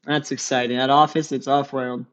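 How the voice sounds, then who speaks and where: A man's voice: medium pitch, flat delivery, moderate pace, fairly bright tone. A man giving casual, chatty colour commentary alongside the main caller at a card game tournament.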